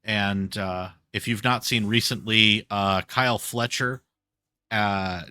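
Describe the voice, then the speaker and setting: A man co-hosting a podcast, chatting casually and telling stories in an animated way. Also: on the low side, slow pace, clear, resonant tone, no room sound, studio quality. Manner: animated storytelling, recapping wrestling events. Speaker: podcast co-host. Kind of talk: casual chat.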